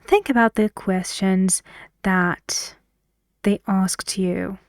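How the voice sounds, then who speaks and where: A woman teaching an English pronunciation lesson, speaking slowly and deliberately, repeating each word several times and sometimes dropping to a soft whisper. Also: medium pitch, fairly even intonation, no room sound.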